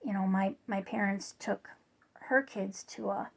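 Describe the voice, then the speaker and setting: A woman's voice: medium pitch, steady tone, a little slow, gravelly. A woman casually telling a story to her viewers in a chatty, rambling way, full of fillers and restarts. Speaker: vlogger.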